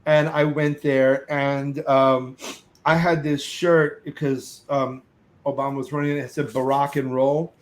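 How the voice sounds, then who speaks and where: A middle-aged man, a podcast guest, telling a lively anecdote, acting out other voices and cursing casually. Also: medium pitch, measured pace, low-quality recording. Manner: lively storyteller who acts out other voices and sings snatches; curses casually. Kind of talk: animated storytelling.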